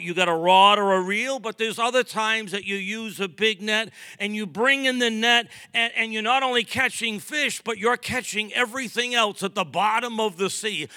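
A man's voice: sits high, bright, forceful tone, no echo, studio quality. A man in his sixties from Massachusetts, a pastor preaching a sermon with emphatic rising bursts and joking asides.

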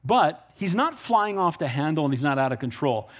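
In a slightly high, sing-song voice at normal speed, a male pastor delivers a sermon that is emphatic and conversational. He calls out "Amen?" to the congregation, asks rhetorical questions, and plays out dialogues with unbelievers he has met.

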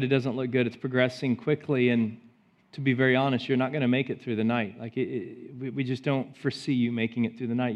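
A man preaching a sermon as pastor, rising to loud emphatic peaks and dropping to soft, hushed storytelling. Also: medium pitch. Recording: slightly dull sound with faint music behind.

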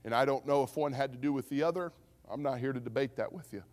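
A man preaching a sermon as pastor, telling a story with animated delivery and acting out what people said. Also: mid-range voice, fast. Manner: storytelling, animated, acts out quotes. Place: church sanctuary. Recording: church hall with long reverb.

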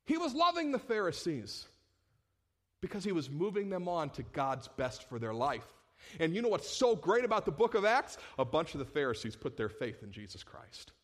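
High-voiced preaching man. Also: moderate pace. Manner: animated preaching, rhetorical questions, swings from loud to hushed. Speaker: pastor. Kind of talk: sermon.

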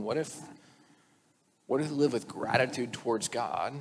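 A man preaching a sermon in a conversational, animated storytelling way, sometimes acting out the people in the story. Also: mid-range voice, moderate pace. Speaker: pastor. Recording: long reverb with faint noise.

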